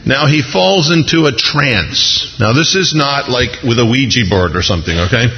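A man's voice: medium pitch, animated, moderate pace, big-room sound, muffled recording. A man preaching a sermon in a conversational, humorous way, acting out the people he quotes. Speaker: pastor.

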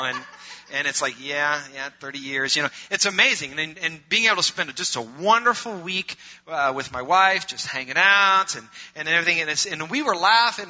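Emphatic preacher man, bright lo-fi recording. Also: a little high. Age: middle-aged. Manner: swings from loud emphatic preaching to quiet conversational asides. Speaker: pastor. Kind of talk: sermon. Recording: muffled lo-fi recording.

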